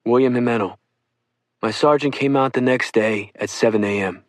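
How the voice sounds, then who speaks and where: A man reads survivors' accounts for an oral history audiobook, calm and steady in the first person. His voice sits mid-register and is recorded dry and close. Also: medium pitch, moderate pace, no room sound. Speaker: audiobook narrator.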